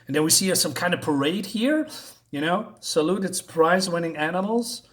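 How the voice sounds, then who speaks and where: A man casually reviewing a comic book, paging through it while pausing often to search for words. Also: sits high, lively intonation. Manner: halting, searches for words, many fillers.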